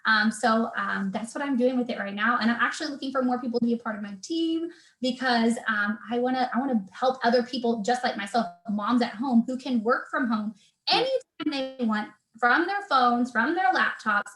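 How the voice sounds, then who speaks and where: A woman's voice: a little high, moderate pace, fairly bright tone, roomy sound, poor audio. A woman in her thirties, a personal trainer talking as a guest in an earnest, faith-filled way, with plenty of fillers and restarts. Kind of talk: casual video interview chat.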